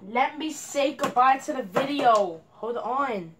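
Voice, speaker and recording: A woman's voice: sits high, expressive, takes it slowly, hardly any pauses, a bit bright, a little hiss or hum. A young woman commenting on her gameplay, frustrated and complaining at a teammate. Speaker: gamer.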